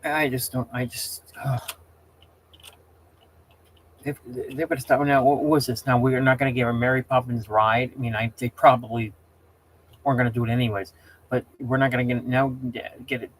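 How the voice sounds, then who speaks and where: A man's voice: medium pitch, flat delivery, normal speed, pauses often, a little hiss or hum. Rambling, heated male livestream host. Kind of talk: casual livestream chat.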